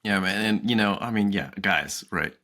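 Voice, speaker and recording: A man's voice: fairly low pitch, normal speed, bright, forceful tone. A man in his forties, co-hosting a podcast in a chatty, casual way, laughing often and acting out quotes. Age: 40s. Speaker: podcast co-host.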